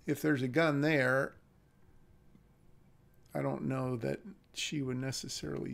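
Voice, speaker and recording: A man's voice: medium pitch, little pitch movement, measured pace, creaky, pauses often. A man reading a screenplay aloud on a live stream and critiquing it, thinking aloud with hesitant restarts. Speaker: script reader and critic.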